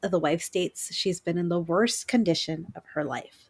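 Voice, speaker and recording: A woman co-hosting a podcast, telling a spooky story in lively casual chat. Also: lowish voice, moderate pace, husky. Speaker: podcast co-host.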